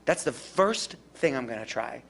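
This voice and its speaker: A woman giving a live workshop on dementia care, animated and acting out calm, reassuring caregiver lines. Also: rumbling low, normal speed, creaky.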